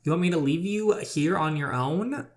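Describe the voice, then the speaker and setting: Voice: medium pitch, normal speed, a little mellow, voice pushed up, lightly acted. A gamer reading the lines of a moody young male bodyguard in a story game. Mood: brooding.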